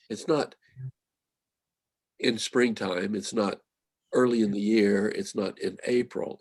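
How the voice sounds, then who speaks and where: A man's voice: lowish voice, a little mellow, husky, no room sound. An older man with a Western Pennsylvania accent, a guest poet talking thoughtfully about verse and dialect on a video call. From Mon Valley, Pennsylvania. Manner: thoughtful, measured, quoting lines slowly. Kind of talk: reflective talk on poetry.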